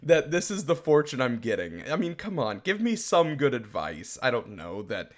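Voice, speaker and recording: A man co-hosting a casual podcast, ranting in an exasperated, animated way and laughing at himself. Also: medium pitch, moderate pace. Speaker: podcast co-host.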